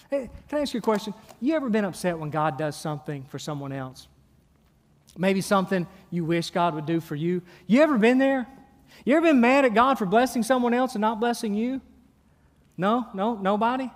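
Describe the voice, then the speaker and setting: Animated preaching man in a reverberant hall. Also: sits high, moderate pace. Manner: animated, emphatic preaching with repeated words and rhetorical questions. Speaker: pastor. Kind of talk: sermon.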